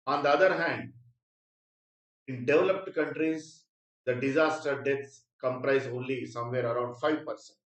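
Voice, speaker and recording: A man teaching an exam prep lecture in Indian English, repeating key phrases and often clearing his throat. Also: a little high, echoey room, distant mic, low-quality recording. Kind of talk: spoken lecture.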